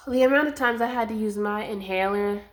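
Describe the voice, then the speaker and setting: A woman doing a collective tarot reading to camera, soothing and affectionate, a little winded. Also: mid-range voice. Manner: slow, soothing and affectionate, calls viewers loves and darling. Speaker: tarot reader.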